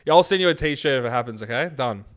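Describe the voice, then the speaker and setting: A man's voice: medium pitch, animated, fast talker, a bit bright. Australian male podcast co-host, mid-range voice, chatty and upbeat. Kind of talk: casual podcast chat.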